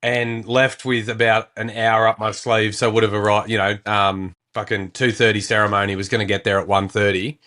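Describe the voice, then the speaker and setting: Low-voiced Australian man telling a story. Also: level tone, normal speed, hardly any pauses, pushed and bright. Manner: rambling anecdote with swearing. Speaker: podcast co-host, wedding celebrant. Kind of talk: casual chat.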